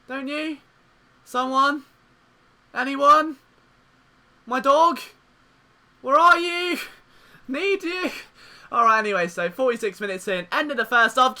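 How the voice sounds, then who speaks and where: Young lad, let's-play commentator: very high, very bright, excitable and jokey, faint game music underneath. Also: male voice. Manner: excitable, jokey, swings from despair to cheering. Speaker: gaming commentator.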